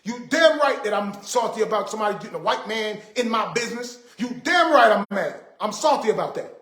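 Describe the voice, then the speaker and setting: High-voiced man ranting on a livestream. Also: lively intonation, brisk, fairly bright tone, roomy sound. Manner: emphatic, repetitive, indignant. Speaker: livestream host. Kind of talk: casual livestream chat.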